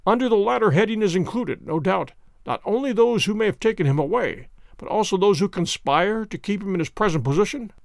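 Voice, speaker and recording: A man reads a cool, unyielding detective with a cold and measured delivery. The voice rises and falls with lively intonation over a gravelly texture, in a dry, close storybook reading. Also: high-pitched, no echo. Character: cool, precise male detective, calm and unyielding.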